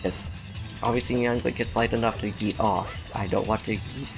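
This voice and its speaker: A man's voice: fairly low pitch, steady tone, moderate pace. A man giving casual, chatty gameplay commentary as host, sassy toward the game and laughing often. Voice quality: gravelly. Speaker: gaming channel host. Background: game music.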